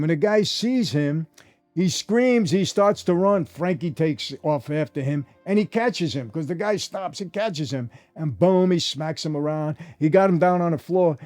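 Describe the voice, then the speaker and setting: Un homme âgé à l'new-yorkais raconte ses souvenirs d'une voix plutôt haute pour un homme mais au timbre chaud et sombre. Il parle de façon vivante et familière, en interpellant sans cesse son public. On entend une légère musique en fond. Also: male voice, fairly high pitch. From New York. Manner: animated, addresses listeners directly, repeats "I gotta tell you". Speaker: former mobster telling stories. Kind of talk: casual storytelling monologue.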